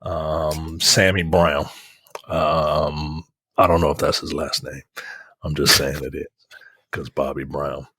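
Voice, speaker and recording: A man's voice: a bass voice, little pitch movement, slow, sharp tone, breathy edge, no room sound, clean studio sound. A man on a film review podcast, casually retelling scenes with profanity and acting out characters in exaggerated voices.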